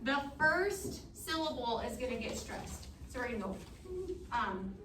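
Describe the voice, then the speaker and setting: High-voiced choir teacher in an echoey room. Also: female voice, lively intonation, background noise. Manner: brisk, encouraging, sings examples. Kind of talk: choir rehearsal instruction. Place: rehearsal room. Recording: echoey room, mic far off.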